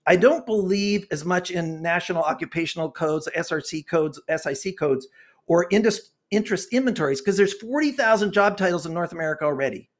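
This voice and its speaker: Brief: impassioned older man, sixties, high voice, preachy interview guest. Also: animated, brisk. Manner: impassioned, preachy, gets worked up. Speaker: guest author and consultant. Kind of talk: earnest interview talk.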